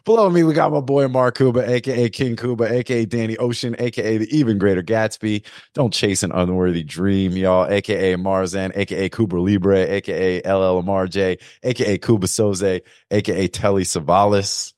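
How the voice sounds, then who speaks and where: Joking laid-back host with lowish voice. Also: male voice, steady tone, brisk, darkish tone, dry recording, clean studio sound. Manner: loose, joking, full of fillers and slang. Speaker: podcast host. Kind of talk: casual chat. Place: Florida.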